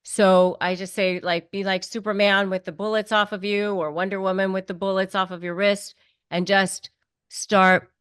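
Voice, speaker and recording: A woman's voice: medium pitch, flat delivery, moderate pace, a bit bright, smooth, no room sound, studio quality. A woman hosting an advice interview, speaking emphatically and repeating her key points. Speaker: host.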